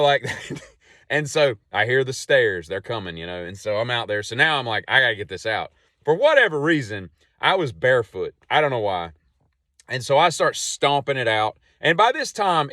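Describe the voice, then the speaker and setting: A man hosting a podcast and telling a long casual story in a rambling, animated way with many asides. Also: mid-range voice, no room sound, clean studio sound. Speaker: podcast host.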